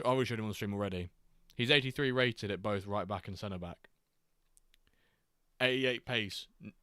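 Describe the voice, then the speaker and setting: Chatty man, low voice. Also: no echo, clean studio sound. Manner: chatty, reacts to chat readers by name, quick excited asides. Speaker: streamer host. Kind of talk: casual live-stream chat over a football game.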